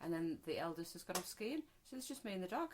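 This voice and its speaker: A woman's voice: on the low side, very animated, fast talker, darkish tone, a little hiss or hum, rough recording. A woman in her forties from the Wirral, co-hosting a casual chat podcast, talking freely, swearing and acting out bits of dialogue. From the Wirral, England. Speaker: podcast co-host.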